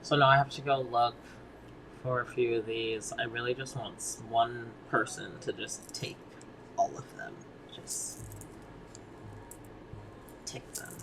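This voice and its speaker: At a moderate pace and with fairly even intonation, a man with a medium-pitched voice co-hosts a podcast in casual chat. He hails from near Boston, Massachusetts, sounds laid-back and slangy, swears and laughs often, and there's background noise.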